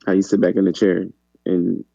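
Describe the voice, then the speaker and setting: A man with a very low, gravelly voice muses on a casual podcast chat. His tone is dark and mellow, and he often stops to say "you know". The sound is dry and a little dull. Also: moderate pace, no room sound. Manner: relaxed, musing delivery with frequent "you know". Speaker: podcast co-host.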